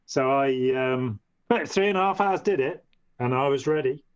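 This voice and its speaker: A man with a smooth mid-range voice talks at a moderate pace in dull, dry, lo-fi audio with no echo. He is a podcast guest, formerly part of a movement, and he tells a long story conversationally, often restarting, rambling and saying "you know."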